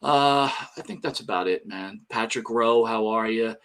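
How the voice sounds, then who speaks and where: A man's voice: on the low side, moderate pace, fairly bright tone, smooth. Profane rambling older New man. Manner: rambling and profane, reading out chat names. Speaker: podcast co-host. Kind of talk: casual live-stream chat.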